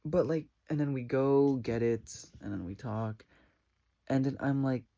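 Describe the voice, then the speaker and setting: Unhurried and medium-pitched, a man recounts a personal story for his vlog storytime, his dark voice tinged with vocal fry. He rambles, fills it with "like," and dramatizes the retelling.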